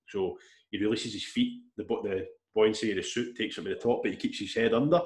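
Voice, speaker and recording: A man telling a long story in casual chat, rambling and animated, with restarts and swearing. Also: on the low side, fairly quick. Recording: echoey room.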